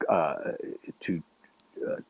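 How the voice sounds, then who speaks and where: A middle-aged man from Chicago's South Side, telling old neighborhood stories in a casual, animated chat. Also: drawn-out words, no echo. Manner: animated, acts out quoted voices. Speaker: guest storyteller.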